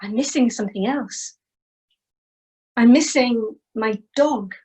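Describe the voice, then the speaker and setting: A clever young mother frets aloud and coaxes her way home, with a high voice and a slow, careful delivery, as a woman storyteller puts her on. It sounds like a spoken folk tale. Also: dark tone. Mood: wistful. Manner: fretful, pleading, then coaxing.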